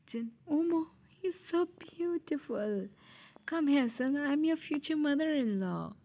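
Lady doing a fussy doting mafia parent, affectionate, fan audio drama, slow. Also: high-pitched, animated, dark tone, pitched above the performer's own voice.

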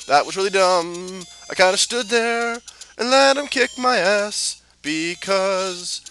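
A man swears and jokes his way through a game playthrough, excitable and quick to mock himself. His voice sits a little high and sounds bright and forward. Faint game music plays behind him. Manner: profane, excitable, self-mocking. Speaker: let's play host. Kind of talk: let's play commentary.

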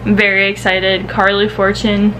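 A woman's voice: mid-range voice, completely flat delivery, normal speed, music in the background, rough recording. A young woman vlogger from the American Midwest, talking casually and emotionally about a book she loved, teary-voiced, with frequent sighs and trailing-off restarts. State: teary, crying.

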